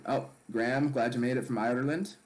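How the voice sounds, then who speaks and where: A man's voice: mid-range voice, fairly even intonation, a little fast. A man hosting a live stream, chatting casually about casino business and greeting viewers in the chat.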